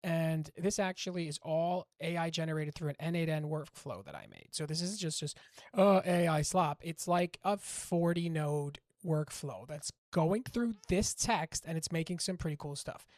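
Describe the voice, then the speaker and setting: A man casually explaining his language-learning method to camera, rambling and animated, often cutting himself off mid-word. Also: fairly high pitch, moderate pace, no room sound, studio quality. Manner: rambling, animated, self-interrupting, often acts out dialogue.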